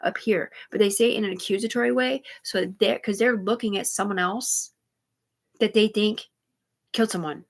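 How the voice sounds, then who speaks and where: A woman talks live to her stream in a loose, rambling monologue. Her delivery is agitated and full of swearing. Her thoughts tumble over each other in quick digressions. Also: medium pitch, steady tone, creaky. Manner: rambling, profane, rapid digressions; agitated, repeatedly says "dude". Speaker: livestreamer.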